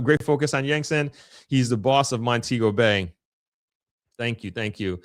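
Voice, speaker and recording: A man's voice: mid-range voice, expressive, unhurried, pauses often, no echo, studio quality. A man with a Long Island accent hosting a casual live stream, reading viewer comments aloud and answering them in an upbeat, chatty way. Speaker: livestream host reading chat.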